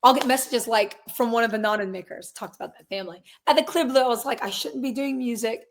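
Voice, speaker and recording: An earnest woman in her twenties, a guest in a relaxed interview. Her voice sits a little high for a woman. She rambles, circles back, and slips into quoted asides. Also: quick pace. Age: 20s. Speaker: guest, singer and real estate agent. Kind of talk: casual conversational interview.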